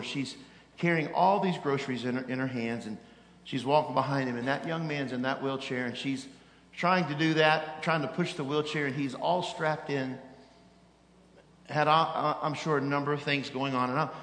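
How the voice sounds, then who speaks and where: A middle-aged man preaching as an evangelist, telling a story in an animated, self-mocking way that swings from loud exasperation to hushed tones. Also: medium pitch, moderate pace. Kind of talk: sermon storytelling. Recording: echoey hall with long reverb.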